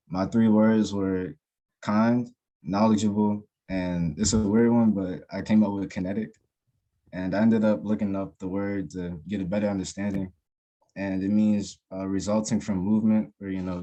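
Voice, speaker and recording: A young man speaks at a youth workshop in a low, mellow voice. He talks hesitantly, with many fillers and pauses as he gathers his thoughts. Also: rough recording. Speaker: workshop participant.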